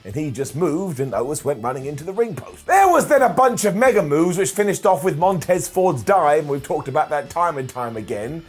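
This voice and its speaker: Husky man, sarcastic wrestling recap. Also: fairly high pitch, very animated, fairly quick, hardly any pauses. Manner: sarcastic, jokey, mimics people in funny voices. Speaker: wrestling show reviewer. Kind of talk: comedic recap commentary. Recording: light background music.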